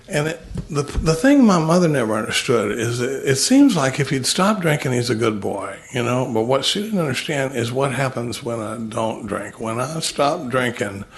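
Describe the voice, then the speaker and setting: A man speaking at a recovery meeting, walking through a recovery text and telling folksy, self-mocking stories with plenty of humor. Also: on the high side.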